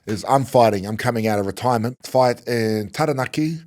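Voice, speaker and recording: A man's voice: medium pitch, a little fast, darkish tone. A man who hosts a podcast, chatting in an easygoing, joking way. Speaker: podcast host. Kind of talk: casual chat.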